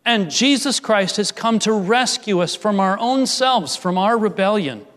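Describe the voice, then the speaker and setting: Male pastor, high voice, slow deliberate sermon delivery, earnest with emphatic peaks. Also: lively intonation, big-room sound. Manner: earnest, rising to emphatic peaks then dropping soft.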